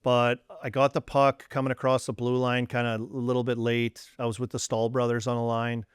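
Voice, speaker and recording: A man's voice: mid-range voice, fairly quick, clean tone, no echo, studio quality. A Canadian man in his forties, a former hockey player, telling stories in a casual chat and acting out the dialogue. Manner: animated storyteller, acts out quoted dialogue.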